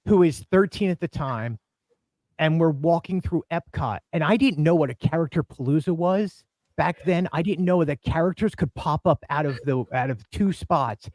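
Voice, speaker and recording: A man hosting a casual fan podcast, telling animated stories and acting out quoted lines with big swings of pitch. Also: normal speed, no echo. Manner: excitable, acts out quotes with big jumps in pitch. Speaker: podcast host. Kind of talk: animated storytelling chat.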